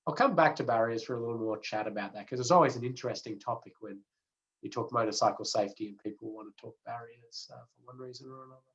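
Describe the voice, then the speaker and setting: A man gives a relaxed, chatty lecture for an online course, often pausing on fillers and restarting his sentences. His voice sits at an ordinary middle pitch. The audio is a little dull and lo-fi. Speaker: road safety trainer.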